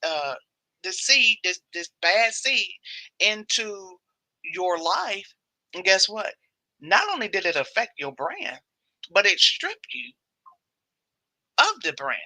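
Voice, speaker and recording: A woman's voice: mid-range voice, sing-song, slow, long pauses, sharp tone, no echo, low-quality recording. A woman hosting a casual devotional livestream, chatty and repeating phrases for emphasis.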